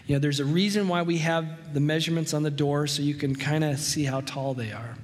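Conversational pastor with a slightly high voice. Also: male voice, fairly even intonation, long reverb tail. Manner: conversational preaching with anecdotes, slows for emphasis. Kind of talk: sermon.

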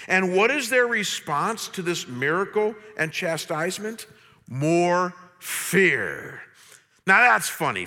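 Preacher guy giving a sermon, kinda high bright voice, jokey with the crowd, big hall echo. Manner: animated, humorous, addresses congregation directly. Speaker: pastor. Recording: long reverb of a large hall.

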